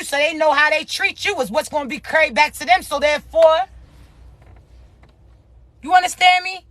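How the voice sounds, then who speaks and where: Blunt, profane high-voiced spiritual vlogger. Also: pushed and bright, no room sound, studio quality. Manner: blunt, profane, emphatic, keeps asking "you understand me?". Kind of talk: casual motivational love talk.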